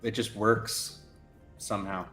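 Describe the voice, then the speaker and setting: A man's voice: fairly low pitch, steady tone, slow pace, over music. A man chatting casually on a gaming stream, enthusiastic and fond of puns. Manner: enthusiastic, punny jokes.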